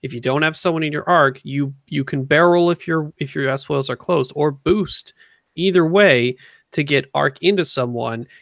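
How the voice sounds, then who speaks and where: A man's voice: a little high, normal speed, gravelly, fairly bright tone, dry recording. A man co-hosting a casual livestream, reading viewer questions and explaining game rules in detail.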